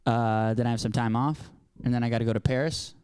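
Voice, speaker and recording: A young man hosting a comedy podcast, chatting in a rambling, halting way. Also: medium pitch, steady tone, a little mellow, clear, resonant tone, dry recording, clean studio sound. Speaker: podcast host. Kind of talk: casual comedy podcast chat.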